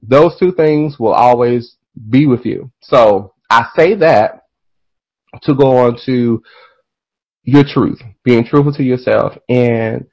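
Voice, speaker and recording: A man hosting a podcast in casual chat, animated and profane, drifting into tangents and laughing as he talks. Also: medium pitch, takes it slowly, poor audio. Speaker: podcast host.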